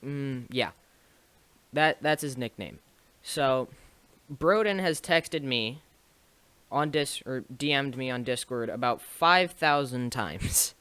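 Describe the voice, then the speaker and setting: Slow, bright-voiced young man telling a story. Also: mid-range voice, animated, clear, resonant tone, dry recording. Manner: rambling, with restarts and small laughs. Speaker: streamer and video maker. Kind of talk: casual storytelling to camera.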